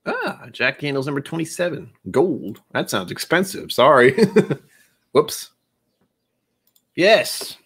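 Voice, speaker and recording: A man's voice: on the high side, very animated, takes it slowly, long pauses, a bit bright, husky. Tipsy man rambling on a livestream. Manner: loose, self-mocking, jokey asides. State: a bit tipsy from whiskey. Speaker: livestream host. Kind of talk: casual rambling livestream chat.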